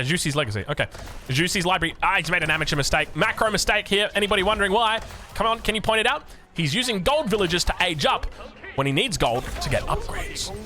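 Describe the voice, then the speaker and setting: High, bright Australian man casting a game. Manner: excitable, breaks into shouts and jokes. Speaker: game caster. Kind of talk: live strategy game commentary.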